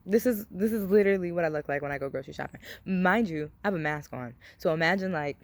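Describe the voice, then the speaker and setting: A woman's voice: fairly low pitch, quick pace. A young adult woman talking casually to her camera, rambling with many fillers, cursing freely and speaking openly. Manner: open and confiding. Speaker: vlogger. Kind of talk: casual personal vlog talk.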